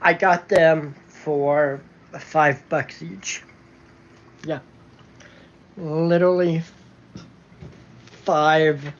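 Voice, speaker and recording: Slow rambling man, lo-fi home vlog. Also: fairly high pitch, fairly even intonation. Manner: rambling, halting, with many fillers and restarts. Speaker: vlogger. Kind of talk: casual chat. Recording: dull lo-fi sound with faint noise.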